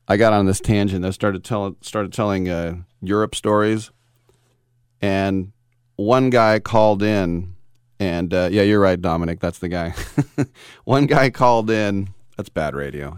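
Middle-aged male sports radio host, deep, smooth resonant voice, dry studio sound, anecdotal. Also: measured pace, no room sound. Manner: rambling anecdotal storytelling with chuckles. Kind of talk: casual sports talk radio.

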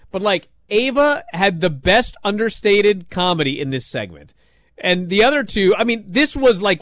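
A man co-hosting a casual podcast, ranting in an animated, exasperated way and mocking lines by reading them aloud. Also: high voice, dry recording, studio quality. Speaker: podcast co-host. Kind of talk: casual wrestling discussion.

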